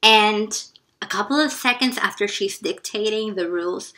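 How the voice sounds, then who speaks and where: A woman vlogger earnestly retelling her first day of high school, with some hushed asides. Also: normal speed. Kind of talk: personal storytelling.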